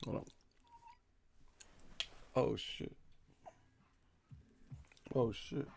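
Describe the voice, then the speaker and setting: A man's voice: very slow, a little mellow, a little hiss or hum. Profane joking man on a livestream. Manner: profane, joking, laughs often. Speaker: boxing livestream host. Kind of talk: casual livestream rant.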